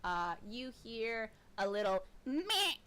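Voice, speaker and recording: A woman narrating as game master of a tabletop game, lively and quick to laugh. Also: a little high.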